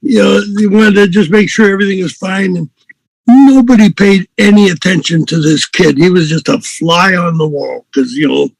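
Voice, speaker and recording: A man's voice: high-pitched, moderate pace, creaky, no echo, low-quality recording. An older man, a musician and host, telling a story in a rambling, chuckling way with many fillers. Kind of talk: casual storytelling.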